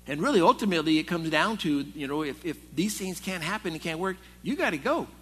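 A man's voice: fairly high pitch, animated, fast, a bit bright, breathy edge. A male pastor preaching to a men's Bible study in a conversational, storytelling way. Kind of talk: sermon. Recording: long hall reverb.

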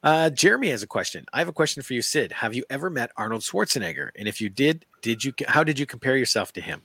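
Bright-voiced man reading listener questions. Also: medium pitch, very animated, quick pace, gravelly, slightly rough, no room sound. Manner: laughs often while reading. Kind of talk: reading comments aloud.

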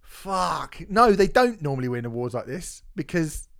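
A man co-hosting a podcast in casual chat, sweary and ranting. His pitch sits a bit high and swings all over. He gets worked up. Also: big pitch swings, a little fast. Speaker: podcast co-host.

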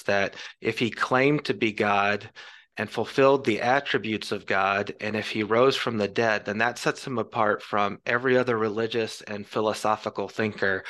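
A man talks through an argument step by step, as a guest in a casual podcast chat. His voice sits a little low, and his tone is bright and forceful. He is measured and lecturing. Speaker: Christian apologist guest.

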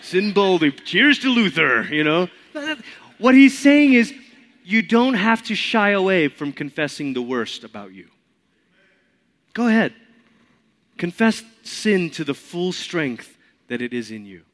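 A male pastor delivering a sermon in a somewhat high voice. He swings between loud, emphatic peaks and quiet, hushed stretches, driving his points home with repetition. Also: very animated, a little slow, long pauses.

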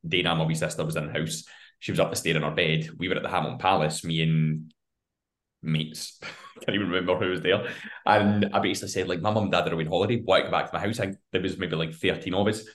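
A man's voice: low-pitched, fairly even intonation, quick pace. Scottish man telling a laughing anecdote. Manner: swears freely and laughs through his anecdotes. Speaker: podcast co-host. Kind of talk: casual storytelling chat.

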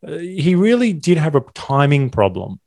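A man's voice: fairly high pitch, sing-song, moderate pace, gravelly, darkish tone, no echo. A man co-hosting a film podcast, talking enthusiastically in a rambling way with frequent restarts. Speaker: podcast co-host. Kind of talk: casual film discussion.

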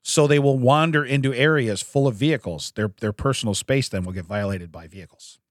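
A man's voice: mid-range voice, a little fast, no room sound, clean studio sound. A man co-hosting a casual comedy podcast, joking and laughing often while he riffs. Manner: jokey, laughs often, does silly voices. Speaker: podcast co-host.

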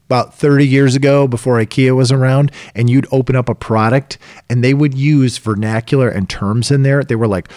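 A middle-aged man co-hosting a casual podcast, telling lively stories and acting out exasperated voices. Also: mid-range voice, normal speed, dry recording, clean studio sound. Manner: animated storyteller, acts out exasperated voices. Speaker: podcast co-host.

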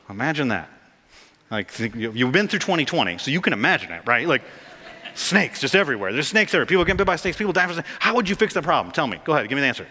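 A man preaching a sermon as pastor, animated and jokey, rising to excited peaks. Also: on the high side. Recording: long hall reverb.

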